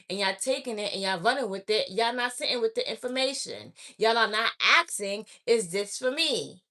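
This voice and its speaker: A woman with a bright, somewhat high voice delivers a spiritual message to her viewers. She is blunt and preachy, admonishing them and driving her points home through repetition. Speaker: spiritual oracle reader. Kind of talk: direct-to-camera spiritual message.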